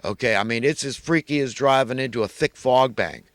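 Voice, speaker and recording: A man from the United States giving an impassioned monologue, moving from loud urgent preaching to quiet, earnest confession. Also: mid-range voice, fairly quick, no echo. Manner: religious, ranting about elites. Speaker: channel host.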